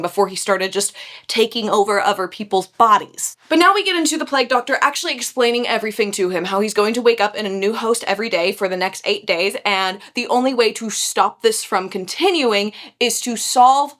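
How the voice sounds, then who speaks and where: On an evening at home, a woman who vlogs about books talks her way through a mystery novel, reading it aloud in a chatty, self-mocking way. Her voice sits at medium pitch with a fairly bright tone.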